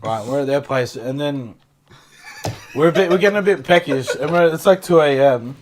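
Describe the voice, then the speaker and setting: A man's voice: a little high, moderate pace, a little hiss or hum. A man co-hosting a casual podcast, telling crude anecdotes and laughing as he goes. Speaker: podcast co-host. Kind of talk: casual chat.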